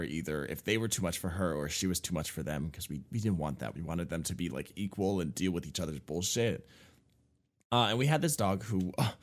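A male podcast co-host with a voice that sits low rambles through a story, full of fillers and swearing. When he gets to the shocking part, he turns loud and animated.

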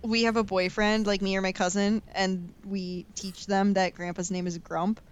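A woman's voice: medium pitch, flat delivery, moderate pace, clean tone. Giggly young woman telling stories. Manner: chatty, giggly, playful storyteller. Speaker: podcast co-host. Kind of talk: casual chat.

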